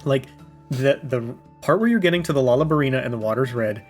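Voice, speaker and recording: Young man, middle pitch, critical opinionated podcast talk, faint music in the background. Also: expressive, fast talker. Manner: opinionated, critical, rambling with fillers. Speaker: podcast co-host. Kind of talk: casual chat.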